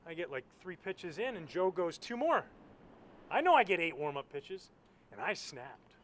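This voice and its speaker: Man, ex-pitcher guest, lively storyteller, high and swooping voice, outdoors at a stadium. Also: normal speed. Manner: lively, acts out the voices of others. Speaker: guest, former baseball pitcher. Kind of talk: animated storytelling.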